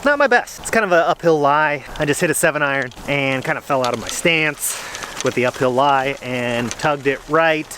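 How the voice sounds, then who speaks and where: A man vlogs to the camera while playing a round of golf outdoors in the cold, a bit out of breath and poking fun at himself. His medium-pitched voice is steady, bright, and forceful at a normal speed. There's slight background noise.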